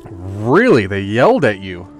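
A man's voice: fairly low pitch, huge pitch swings, a little slow, soft background music. A young man streaming a game and chatting casually, rambling and swearing while he jokes. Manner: profane, rambling, joking. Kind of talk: casual gameplay chat.

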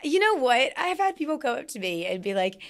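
A woman with a Southern US accent, chatting in an interview as an actress guest, bubbly and quick to laugh while telling stories. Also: high voice. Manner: bubbly, laughs often, animated storytelling. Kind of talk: casual interview chat.

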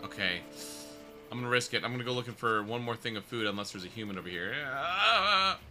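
A male streamer giving live gaming commentary, excitable and quick to laugh and yell at the game. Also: mid-range voice, over loud music.

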